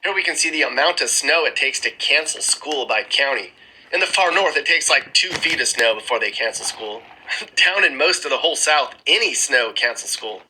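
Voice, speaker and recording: A man's voice: mid-range voice, expressive, normal speed, pushed and bright, a little hiss or hum, low-quality recording. A man giving casual, sarcastic commentary while scrolling through maps, with chuckling asides, recorded on a phone. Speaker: screen-recording vlogger. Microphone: phone screen-recording mic.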